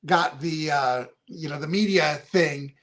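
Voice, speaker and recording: High-voiced man in his fifties, rambling. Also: a little slow, fairly bright tone. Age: 50s. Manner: rambling, heartfelt storytelling with many fillers. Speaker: reality show contestant guest. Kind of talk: casual podcast interview.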